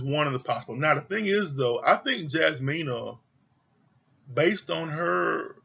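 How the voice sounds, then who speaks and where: A man reviews a reality show in a casual, blunt rant and swears without holding back. His voice is bright and a little husky and sits somewhat high. The recording sounds dull and lo-fi. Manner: blunt, exasperated, swears freely.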